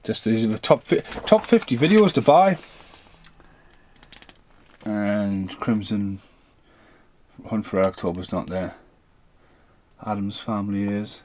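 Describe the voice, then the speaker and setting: A man's voice: lowish voice, lively intonation, a little slow, long pauses, darkish tone. A man in his thirties or forties doing an unscripted film review rant, rambling, swearing freely and drifting off on tangents.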